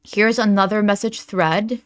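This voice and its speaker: A woman's voice: medium pitch, steady tone, a little slow, dry recording, studio quality. A young adult woman hosting a reaction channel, talking casually with lots of fillers and frequent laughs as she reads out chat messages.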